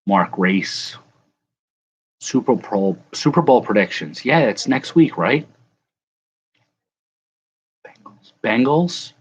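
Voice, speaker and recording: A man's voice: mid-range voice, lively intonation, slow pace, pauses often, slightly rough. A man hosting a casual live chat, rambling and correcting himself as he answers viewers. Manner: rambling, self-correcting, chuckling. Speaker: livestream host.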